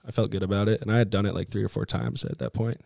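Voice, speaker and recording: Guest, young male snowboarder. Slangy, easygoing storyteller, lowish voice, dry close mic. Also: fairly even intonation, rapid-fire, vocal fry, a little mellow, no room sound. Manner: laid-back, slangy storytelling with many fillers. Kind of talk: casual podcast chat.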